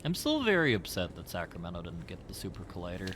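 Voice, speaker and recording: A man's voice: deep voice, wildly swooping pitch, quick pace, few pauses, background noise. A man streaming a game, giving casual commentary in a wry, rambling way.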